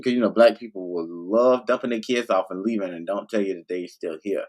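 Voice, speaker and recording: Gravelly-voiced man rambling on a livestream. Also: medium pitch, animated, a little fast. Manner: loose, rambling, profane. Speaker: livestream host. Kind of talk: casual monologue to viewers.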